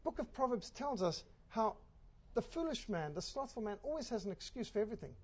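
A woman's voice: fairly high pitch, sing-song, brisk, darkish tone, husky, dull audio. A woman preaching a sermon in an emphatic way, asking rhetorical questions.

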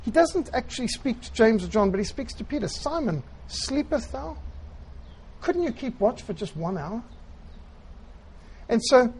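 A man preaching a sermon, retelling scripture in an earnest storytelling way with quiet, emphatic phrasing. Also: high-pitched, poor audio.

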